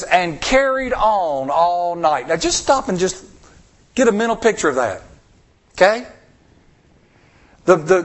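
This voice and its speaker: A male pastor with a high voice delivers an expressive sermon, posing rhetorical questions to the congregation and acting out the voices of the people he quotes.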